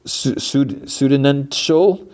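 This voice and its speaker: Man doing a shifty driver in broken English, high and nervous. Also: lively intonation, a little mellow, lightly acted. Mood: nervous, evasive. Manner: high-pitched, nervous, halting. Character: evasive, jittery male driver with broken English.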